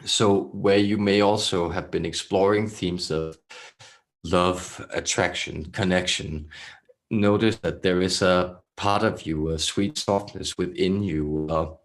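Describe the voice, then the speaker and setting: A man speaking as a calm, benevolent alien collective consciousness, in a throaty voice with slow, measured delivery and long pauses. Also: sits low. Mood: solemn. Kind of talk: channeled spiritual message.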